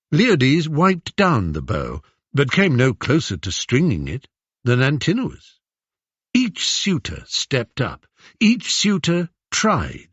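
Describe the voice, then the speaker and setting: A man with an English accent narrating a story, expressive and animated in his pitch. His pace is slow and his voice slightly husky. The recording is dry and a touch dull. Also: dry recording. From England. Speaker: audiobook narrator. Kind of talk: scripted narration.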